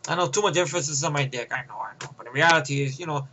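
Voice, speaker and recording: A man giving a rambling, profane rant of a movie review, swinging between loud outbursts and mutters. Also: on the high side, racing, background noise.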